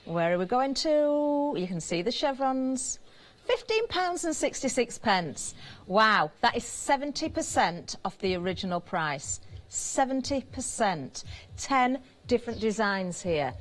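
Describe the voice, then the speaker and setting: A British woman presenting on a live TV shopping channel, chatty and giggly as she banters with the crew, her voice slightly hoarse. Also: a little high, sing-song, unhurried. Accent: British English. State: slightly hoarse, throat catching.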